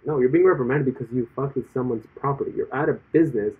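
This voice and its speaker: A man's voice: mid-range voice, fast talker, hardly any pauses, husky. A man in casual chat who rambles with many fillers and retells stories in quoted voices. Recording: tinny lo-fi phone-like audio.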